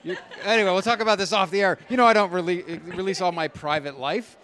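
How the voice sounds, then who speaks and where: A man's voice: high voice, quick pace, fairly bright tone. A man hosting a podcast at an expo, chatting and joking loosely with guests and often restarting his sentences. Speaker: podcast host interviewing at an expo. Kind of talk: casual interview chat.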